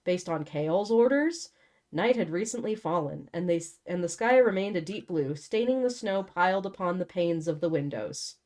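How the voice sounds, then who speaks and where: A woman's voice: fairly low pitch, animated, moderate pace, a little mellow. A young woman hosting a show, reading a novel aloud and breaking off for blunt, sarcastic commentary. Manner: sarcastic, blunt, swears casually.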